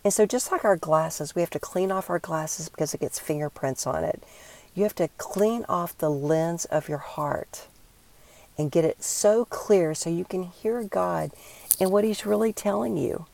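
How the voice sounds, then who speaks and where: An older woman speaking in an earnest, encouraging way, giving a devotional talk and leading listeners through a quiet prayer exercise. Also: fairly low pitch, measured pace, vocal fry. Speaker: Christian speaker.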